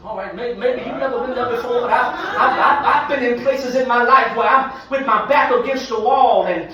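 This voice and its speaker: A man, preaching an impassioned sermon that repeats phrases and swells into shouts. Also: very high-pitched, moderate pace, muffled recording. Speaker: pastor. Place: large church sanctuary. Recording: echoey church hall from far off.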